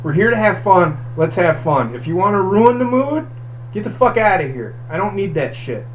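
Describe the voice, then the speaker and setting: A man's voice: sits high, sing-song, normal speed, muffled recording, a little hiss or hum. A man hosting a casual online show, blunt and profane, half joking. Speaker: show host. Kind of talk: casual chat.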